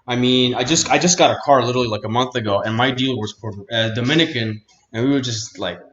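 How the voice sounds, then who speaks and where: A man hosting an interview, telling stories in a relaxed, slangy, casual way. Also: mid-range voice, fast. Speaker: podcast host. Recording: dull, slightly echoey room.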